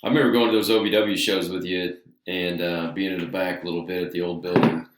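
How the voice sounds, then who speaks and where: Excitable low-voiced podcast host. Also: male voice, fast. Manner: excited, animated storyteller. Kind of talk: casual podcast chat. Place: podcast studio. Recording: roomy and distant from mic.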